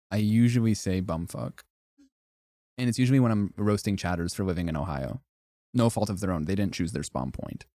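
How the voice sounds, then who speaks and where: A man's voice: fairly low pitch, warm tone, no room sound, studio quality. A man streaming live, ranking things in casual, profane, joking commentary and laughing often.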